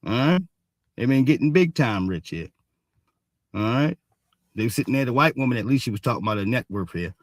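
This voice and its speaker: Guy ranting about the news, cussing a lot, keeps saying all right, mid pitch, dry sound. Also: animated, fairly quick, long pauses, no room sound. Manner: blunt and profane, repeats "all right" constantly. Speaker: show host. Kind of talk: casual news commentary stream.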